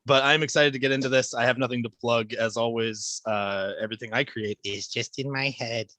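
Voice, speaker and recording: A man's voice: mid-range voice, steady tone, brisk, pushed and bright, no room sound. A man introducing himself as a player in a tabletop game, playful and self-deprecating. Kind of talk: casual intro with a mock French accent.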